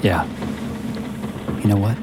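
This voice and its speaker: An actor playing an earnest, laid-back guitarist who gets emotional, in an audio drama. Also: male voice, slow, over loud music, lightly acted. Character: sentimental laid-back male guitarist, calls everyone bro. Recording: noisy ambience behind.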